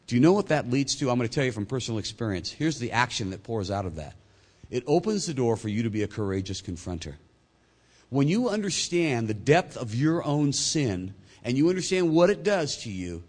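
A male pastor delivering a sermon, swinging between loud emphatic points and quiet, low asides. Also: slightly rough.

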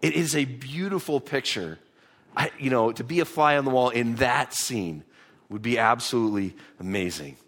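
Pastor, male, mid-pitched voice, relaxed conversational sermon delivery with frequent restarts. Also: normal speed. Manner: conversational, repeats words when restarting, reads scripture aloud. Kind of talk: sermon teaching through a Bible passage.

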